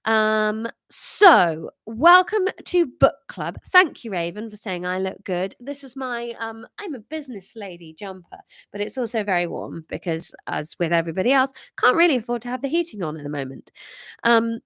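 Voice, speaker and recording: A woman in her thirties speaks in a sing-song, fairly bright medium-pitched voice at a moderate pace, recorded cleanly in a studio with no echo. Her voice is congested and nasal as this comedian host chats casually on a live stream and reads her own story aloud, full of fillers and self-mocking asides.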